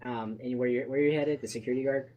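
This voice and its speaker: A man running a tabletop game as game master, narrating in a relaxed way with lots of fillers. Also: mid-range voice, fast talker, highs cut off.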